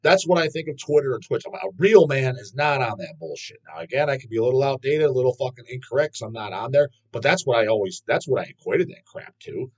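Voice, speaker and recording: Husky, profane man ranting. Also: mid-range voice, animated, fast talker, hardly any pauses, poor audio. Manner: blunt, profane, opinionated. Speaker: metal channel host. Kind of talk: casual rant to camera.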